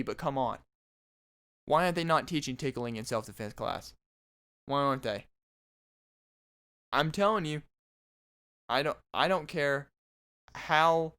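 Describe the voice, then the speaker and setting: Brief: young male podcast host, rambling comedic monologue, smooth clear voice, average pitch. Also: fairly bright tone. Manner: rambling, restarting, joking.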